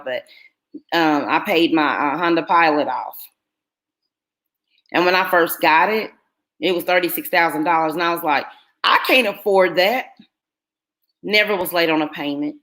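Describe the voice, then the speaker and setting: A woman's voice: low-pitched, fairly even intonation, moderate pace, fairly bright tone. A middle-aged woman, telling a personal story to her viewers in an earnest, emotional way. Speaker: vlogger.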